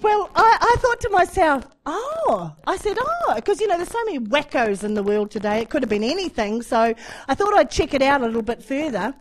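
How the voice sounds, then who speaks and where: A woman preaching, giving a testimony as an animated story and acting out the dialogue. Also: high-pitched, brisk, poor audio. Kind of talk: sermon testimony.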